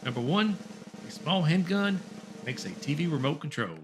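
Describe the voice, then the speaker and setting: A man's voice: fairly high pitch, expressive, moderate pace, crowd noise, noisy background. A man hosting a comedy show, reading old top ten lists aloud with chuckles and wry asides. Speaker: host.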